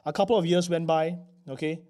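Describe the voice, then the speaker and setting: A man telling a sermon story in an animated way, often checking in with the listeners. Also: on the high side, brisk. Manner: animated, checks in with frequent "okay?". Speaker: preacher.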